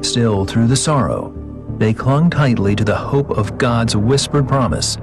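A man presenting a feature in polished, measured scripted narration. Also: medium pitch, very animated. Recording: music bed underneath.

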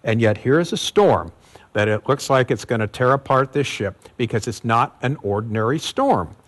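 Male pastor, mid-pitched voice, relaxed teaching sermon, repeats words for emphasis. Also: normal speed. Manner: conversational teaching with fillers and emphatic repetition. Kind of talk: expository sermon.

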